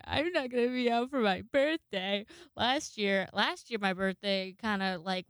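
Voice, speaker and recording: Smooth-voiced young woman rambling on a podcast. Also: mid-range voice, dry recording. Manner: rambling, profane and self-deprecating, with frequent laughs and restarts. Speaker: podcast host. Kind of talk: casual solo podcast monologue.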